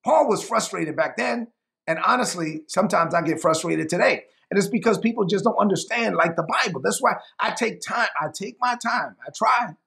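A male preacher with a high, gravelly voice explains a sermon straight to the camera. His delivery is animated and conversational, circling back and repeating lines to drive them home. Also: normal speed.

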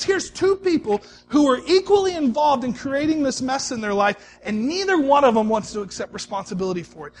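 A male pastor delivering a sermon in a conversational, storytelling way, swinging between soft, quiet stretches and emphatic ones. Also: extremely high pitch, lively intonation, a little fast, hardly any pauses, a little hiss or hum.

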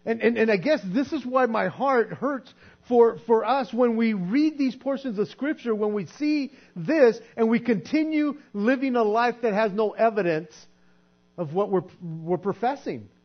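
A man's voice: extremely high pitch, unhurried. A man preaching a sermon in an earnest, conversational way, often repeating words as he goes. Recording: dull lo-fi recording with mains hum.

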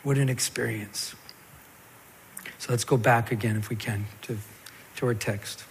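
A man preaching a sermon as a pastor, telling the scripture story in a lively way and acting out the stammering parts. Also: mid-range voice, measured pace, slight background noise. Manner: animated storytelling, acts out Peter's stammer. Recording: long hall reverb.

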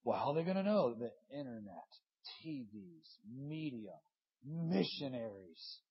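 A man in his thirties preaching a sermon, impassioned, swinging between loud urging and hushed, earnest stretches. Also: medium pitch, sing-song, unhurried, creaky, slightly rough, highs cut off. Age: 30s.

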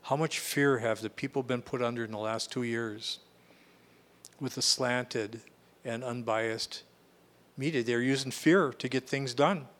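A man's voice: mid-range voice, fairly even intonation, a little slow, a bit bright. A man preaching a sermon in an earnest, emphatic way, often restarting and repeating phrases as he goes.

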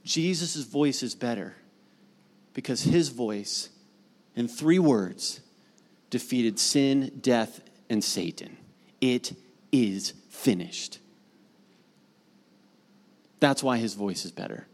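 A middle-aged man preaching a sermon as pastor, conversational and animated, building to emphatic repeated lines. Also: medium pitch, slow. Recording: long hall reverb.

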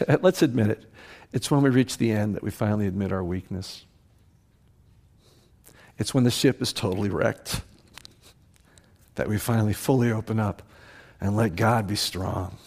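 A man's voice: on the low side, moderate pace, gravelly, long pauses, a little mellow. Earnest, emphatic male pastor preaching. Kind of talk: sermon.

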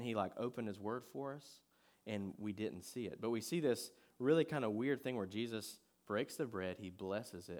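A man preaching a sermon in a conversational way, moving between loud emphatic points and quiet scripture reading. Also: fairly low pitch. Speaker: pastor.

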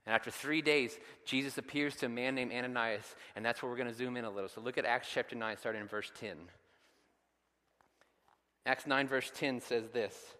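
A man preaching a sermon with a bright, forceful edge to his voice, retelling scripture dramatically and building to loud, emphatic peaks. His voice carries a long reverb, as if filling a big church sanctuary. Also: mid-range voice, fairly even intonation, normal speed. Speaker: pastor.

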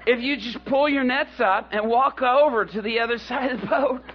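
A man voicing Jesus as a calm, patient adult man who speaks softly and slowly, on a dull lo-fi recording. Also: very high-pitched. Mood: patient amused. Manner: soft, patient, slow. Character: Jesus, a calm, gently amused grown man.

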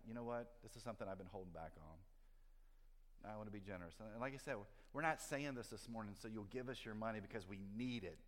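Male pastor, mid-pitched voice, sermon delivery moving between animated storytelling and quiet earnestness, long church reverb. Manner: storytelling, shifts from lively to hushed and earnest. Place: church sanctuary.

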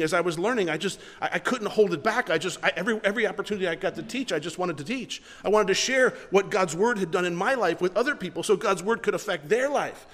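A male pastor preaching a sermon, emphatic and repeating his words, slowing down to read scripture. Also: high-pitched, expressive, a bit bright. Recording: long hall reverb.

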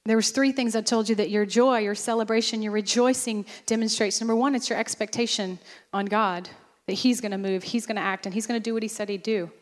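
A woman pastor preaching a sermon, animated and lively, acting out bursts of praise as she goes. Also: on the high side, a little fast, big-room sound.

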